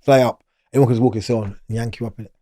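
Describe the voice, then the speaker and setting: A man's voice: mid-range voice, fairly even intonation, racing, dark tone, dry recording, clean studio sound. A middle-aged man, talking casually as an interview guest, rambling and restarting his sentences. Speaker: guest, former prisoner.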